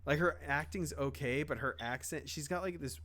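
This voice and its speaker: A man's voice: a little high, moderate pace, fairly bright tone. A young man co-hosting a podcast, talking casually with lots of fillers, restarts and offhand swearing. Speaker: podcast co-host. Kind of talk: casual chat.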